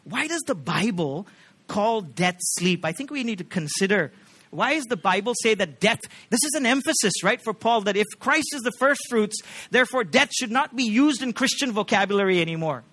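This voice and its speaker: High, bright-voiced preaching man. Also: expressive, moderate pace. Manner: earnest preaching with rhetorical questions to the congregation; swings between hushed gentle passages and loud emphatic peaks. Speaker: pastor. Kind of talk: sermon. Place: church.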